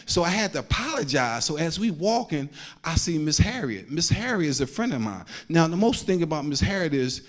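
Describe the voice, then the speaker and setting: A man's voice: on the high side, big pitch swings, brisk. Slangy stand-up comic man. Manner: loose slangy storytelling, acts out quotes. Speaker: stand-up comedian. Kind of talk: stand-up comedy set.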